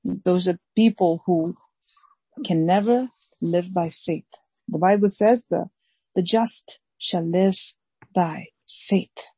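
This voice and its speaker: A woman pastor preaching a sermon slowly and emphatically, repeating key phrases and reading scripture aloud. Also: lowish voice, warm tone, breathy edge, no echo, rough recording. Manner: slow, emphatic preaching with deliberate repetition.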